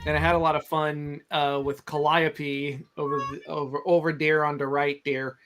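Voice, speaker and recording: A man's voice: a little high, flat delivery, normal speed, fairly bright tone, a little hiss or hum. Male comic artist, loose and rambling, self-deprecating livestream chatter. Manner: rambling, self-mocking, trailing off. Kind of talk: casual livestream chat.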